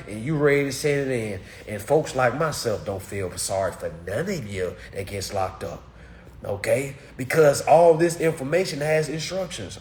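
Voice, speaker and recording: A man, giving a blunt, preachy talk to his course students that swings between loud and muttered. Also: mid-range voice. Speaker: course teacher. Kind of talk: blunt motivational rant.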